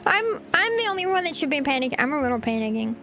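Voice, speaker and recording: A woman's voice: sits high, big pitch swings, fast, pushed and bright, soft background music. A woman streaming herself cooking, chatting flustered and giggly to her viewers. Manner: giggly, flustered, talks to chat while cooking. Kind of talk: casual livestream chat.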